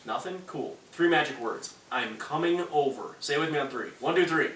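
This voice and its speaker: A man giving a loud, punchy sales pep talk to a live audience, acting out phone calls. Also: fairly high pitch, a little fast. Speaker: motivational speaker. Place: large room before a live audience. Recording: echoey hall from far off, faint noise.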